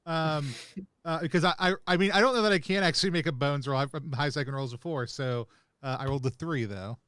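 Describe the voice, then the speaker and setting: Fairly high smooth voiced guy, rambly and excited, playing a tabletop game, dry close sound. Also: a little fast, dry recording. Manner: animated, rambling, laughs often. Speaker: player. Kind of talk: tabletop role-play chat.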